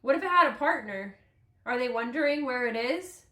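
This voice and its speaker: A woman's voice: sits high, lively intonation, normal speed, fairly bright tone, roomy sound. A woman hosting a podcast, chatting casually and emotionally, rambling and laughing often. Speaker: podcast host. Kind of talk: casual solo podcast chat.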